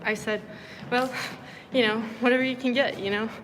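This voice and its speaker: A woman on a live stream, reading her diary entries aloud in a flat, deadpan way with casual asides. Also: fairly high pitch, normal speed, noisy background. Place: moving between venues and a car.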